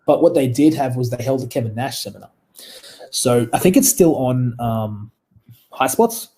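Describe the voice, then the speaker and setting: A man's voice: mid-range voice, expressive, moderate pace, mellow. A man with an Australian accent, a wrestler telling stories in a casual interview, rambling, laughing often and swearing freely. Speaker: guest wrestler.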